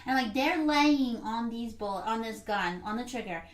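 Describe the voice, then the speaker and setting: A woman's voice: a little high, expressive, moderate pace. Chatty woman in an echoey room. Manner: chatty, acts out movie characters while retelling scenes. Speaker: podcast co-host. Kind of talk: casual movie review chat.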